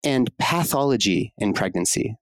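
An American obstetrician-gynecologist joins a conversational podcast as a guest, speaking passionately and frankly in a casual style with fillers and the odd swear word. His lowish voice is expressive, at normal speed, with no echo.

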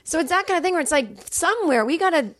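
A woman's voice: very high-pitched, expressive, racing, a bit bright, no room sound, studio quality. A woman comedian guesting on a podcast, talking casually and profanely, with many "like"s. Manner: chatty, profane, heavy on "like". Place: home podcast room.

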